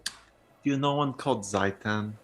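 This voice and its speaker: A man's voice: on the low side, normal speed. A man playing his character in a tabletop game, asking bewildered questions. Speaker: player.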